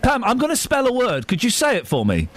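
A man's voice: very high voice, wildly swooping pitch, quick pace. A man hosting a live radio phone-in from a studio, teasing callers in a playful, rambling way. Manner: teasing, playful, lots of restarts. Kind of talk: casual radio phone-in chat.

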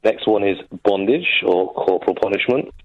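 A male caller reads out his list in a flat, matter-of-fact way, though his pitch still moves around a lot. He comes through a muffled, dull phone line. The sound is dry, with no room echo. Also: normal speed. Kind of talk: phone-in call reading out a list. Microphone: telephone line.

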